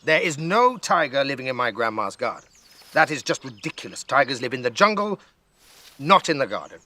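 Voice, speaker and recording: A man's voice: mid-range voice, brisk. A man voicing a bored, skeptical little girl who speaks matter-of-factly and grows insistent. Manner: flat, matter-of-fact, then insistent.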